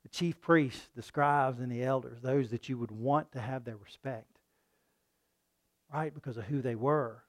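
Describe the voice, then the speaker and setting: A man preaching a sermon in a folksy style, often asking his listeners "right?" and loudly acting out the voices of a mocking crowd. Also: medium pitch, a little slow. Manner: animated, acts out mocking crowds in loud voices.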